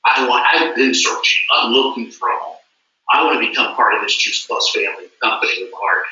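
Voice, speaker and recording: A man's voice: medium pitch, a little fast, bright, forceful tone. A man giving a motivational stage speech at a company event, emphatic and repetitive. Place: large event hall. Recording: echoey hall from far off, dull.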